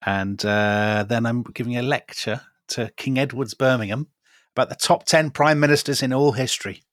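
A middle-aged man co-hosting a podcast, chatting in a measured, wry way and thinking aloud with pauses. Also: mid-range voice, fairly bright tone, no room sound, studio quality. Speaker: podcast co-host. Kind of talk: casual chat.

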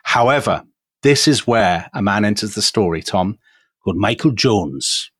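A man's voice: fairly low pitch, animated, unhurried, a bit bright, husky, no room sound, studio quality. An English man co-hosting a history podcast, telling the story with enthusiasm and frequent chuckles. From England. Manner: enthusiastic storytelling, chuckles often, addresses co-host by name. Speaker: podcast co-host. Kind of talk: casual history podcast chat.

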